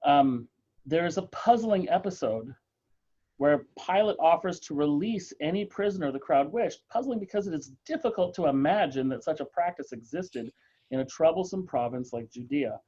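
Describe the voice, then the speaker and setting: A man leading a church book group discussion, thoughtful and halting, with many fillers and restarts. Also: fairly high pitch, lively intonation, mellow, husky, muffled recording.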